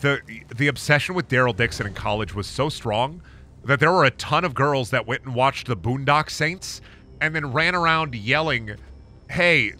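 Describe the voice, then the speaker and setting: A man's voice: a little high, bright, forceful tone, a little hiss or hum. A young adult man giving casual, rambling commentary while streaming a game, joking and swearing as he goes. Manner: rambling, joking, profane asides. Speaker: gaming streamer.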